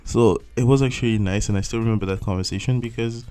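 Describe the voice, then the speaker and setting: A man's voice: fairly low pitch, fairly even intonation, very fast, dark tone, smooth. A young man from France with a French accent, a former volunteer, telling stories in a casual interview and acting out his own past thoughts in swooping voices.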